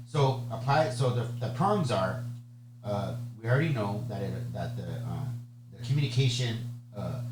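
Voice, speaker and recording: Man lecturing in an echoey, humming room. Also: medium pitch. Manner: chatty, checks in with "okay?" and "right?". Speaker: bar exam tutor. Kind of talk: conversational exam lecture. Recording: echoey room with steady hum.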